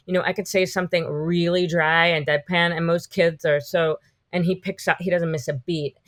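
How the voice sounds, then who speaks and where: A woman in her fifties, a podcast guest, telling animated, rambling stories in a casual interview. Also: lowish voice, moderate pace. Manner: animated, rambling storytelling full of "like".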